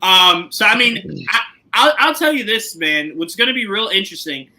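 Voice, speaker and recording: A man with a very bright, ringing voice talks through a TV episode with a friend. His pitch swings widely as he gets animated and laughs between points, often acting out the characters. It is relaxed, casual podcast banter. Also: moderate pace, rough recording. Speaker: podcast co-host. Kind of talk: casual chat about a TV show.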